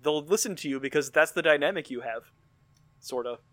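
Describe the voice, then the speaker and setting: A man's voice: fairly high pitch, a little fast, a bit bright, no room sound. A man co-hosting a casual podcast chat, wry and joking, swearing casually and laughing often. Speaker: podcast co-host.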